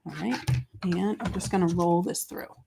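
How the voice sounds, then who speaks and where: A woman's voice: lowish voice, fairly even intonation, normal speed, vocal fry, heavy background noise. Bubbly woman hosting a live craft demo. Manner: chatty, bubbly, self-deprecating, reads viewer comments aloud. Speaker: craft show host.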